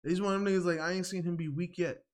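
Animated high-voiced New man. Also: very fast. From New York. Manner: animated, laughing, mimics people. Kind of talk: casual chat.

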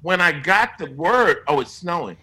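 A man's voice: fairly high pitch, normal speed, husky, low-quality recording. A man guesting on an interview, telling stories casually and profanely, acting out what others said. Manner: profane, animated storyteller quoting others. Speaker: guest musician.

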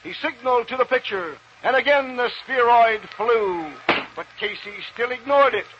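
A man giving a dramatic recitation of verse, declamatory, swinging between booming shouts and hushed, somber tones, on a hissy old radio recording. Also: normal speed, muffled recording.

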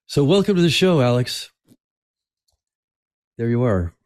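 A man hosting a podcast interview, talking casually with many restarts and throat clearing. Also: medium pitch, big pitch swings, unhurried, darkish tone, no room sound, studio quality. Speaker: podcast host.

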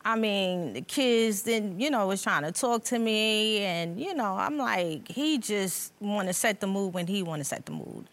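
Exasperated wife answering the judge. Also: female voice, mid-range voice, expressive, unhurried, hardly any pauses. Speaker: wife in a court case. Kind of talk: courtroom testimony.

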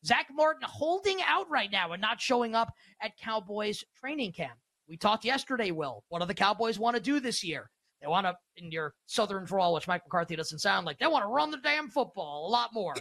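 A male host talking through sports betting in an energetic, emphatic, casual way, often firing off rhetorical questions. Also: high voice, normal speed, hardly any pauses, no room sound.

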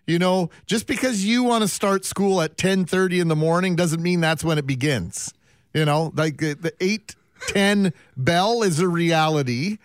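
A man co-hosting radio, wry and animated as he tells a family story. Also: sits high, normal speed, clear, resonant tone, no room sound. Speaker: radio co-host. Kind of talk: casual radio banter. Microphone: studio microphone. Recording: dry close studio sound.

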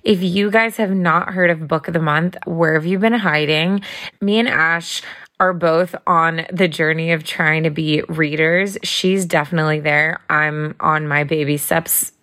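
A woman's voice: low voice, fairly even intonation, unhurried, fairly bright tone. A young adult woman co-hosting a podcast, chatty and giggly, full of filler words. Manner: chatty, giggly, uses like a lot. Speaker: podcast co-host. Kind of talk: casual podcast chat with ad read.

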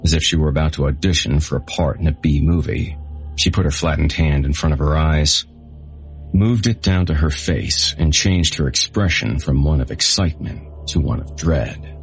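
A man narrating a first-person audiobook in a flat, matter-of-fact way. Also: extremely low pitch, moderate pace, faint music behind.

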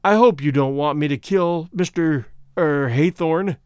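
A man voicing an unhurried, gently ironic man with a quiet menace in an audiobook story. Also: high-pitched, big pitch swings, dry recording, studio quality. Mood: calm.

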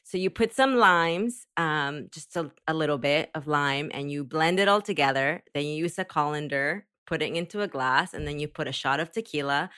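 A woman's voice: sits low, normal speed, few pauses, a bit bright, smooth, no room sound, studio quality. A woman co-hosting a podcast, chatting casually and explaining things step by step. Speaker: podcast co-host. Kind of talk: casual chat.

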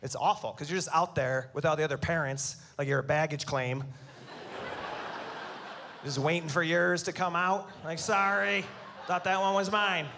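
A man's voice: fairly high pitch, moderate pace, long pauses. Sarcastic man doing stand-up, crowd noise. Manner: sarcastic, teasing crowd work. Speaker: stand-up comedian. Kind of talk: stand-up set. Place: comedy stage before a live audience. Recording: live show with clear crowd noise.

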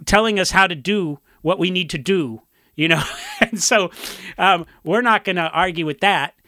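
A punk musician rambles through stories on a podcast, circling back with fillers and quick laughs. His voice sits a little high and sounds bright and forward. The recording is close and dry. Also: no room sound. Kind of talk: casual chat.

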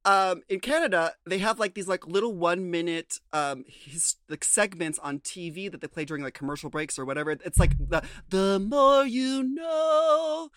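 A man's voice: a little high, brisk, hardly any pauses, fairly bright tone, dry recording, studio quality. A man co-hosting a casual podcast from the United States, chatting through a TV show recap with lots of fillers and restarts. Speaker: podcast co-host.

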